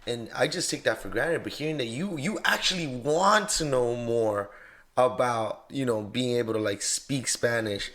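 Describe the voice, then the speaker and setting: A man's voice: medium pitch, moderate pace, a bit bright. Earnest man hosting a podcast. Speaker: podcast host. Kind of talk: casual podcast chat.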